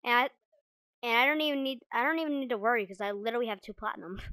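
A woman giving casual gameplay commentary, chatting to her viewers and reacting quickly as she plays. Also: fairly high pitch, bright, forceful tone, no echo, low-quality recording. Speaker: gaming video creator.

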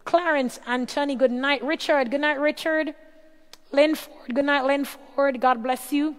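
A woman hosts a casual livestream in a high voice, calling out viewers' names and greeting each in turn. Her voice sounds a little worn. A long reverb trails behind her words. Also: steady tone, unhurried. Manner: reads out viewer names and greets them warmly one by one. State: voice tiring. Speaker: livestream host.

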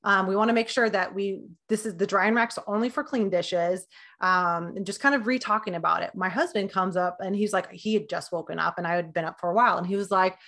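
A woman's voice: medium pitch, fairly quick, a bit bright. Chatty woman dietitian giving health tips. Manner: chatty, lots of fillers and acted-out quotes. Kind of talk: casual health advice talk.

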